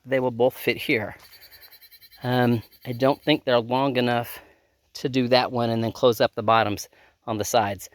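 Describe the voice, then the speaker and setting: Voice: medium pitch, dry recording. A gardening vlogger chatting to camera outdoors in a garden and hoop tunnel, thinking aloud with many ums, filmed on a handheld phone. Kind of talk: casual chat to camera while working.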